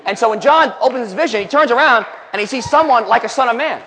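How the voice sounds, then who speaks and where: A man's voice: extremely high pitch, animated, quick pace, a bit bright, a little hiss or hum. A male preacher delivering an emphatic sermon, reading scripture aloud and commenting between the verses. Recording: long hall reverb.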